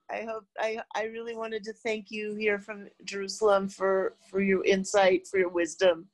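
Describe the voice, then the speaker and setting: A woman speaks in a flat, even tone on a video call, thanking the speaker. She pauses often to find her words, and the sound is dry. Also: medium pitch, dry recording, poor audio. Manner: halting, searching for words. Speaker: audience member. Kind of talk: casual remarks on a video call.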